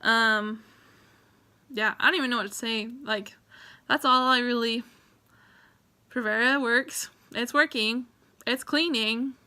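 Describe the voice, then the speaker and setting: A woman's voice: a little high, steady tone, slow, long pauses, sharp tone, clean tone. A young adult woman giving a rambling, emotional personal vlog update, teary and full of thanks. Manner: emotional, rambling, grateful, tearful at times. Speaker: vlogger.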